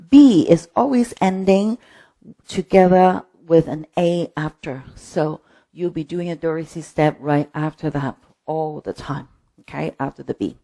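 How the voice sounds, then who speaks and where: A woman's voice: fairly low pitch, creaky, dark tone. A woman teaching a line dance from home, calling out steps and counts in short bursts and often checking in with "okay?". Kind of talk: dance lesson with counted cues. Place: her own home. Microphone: streaming setup.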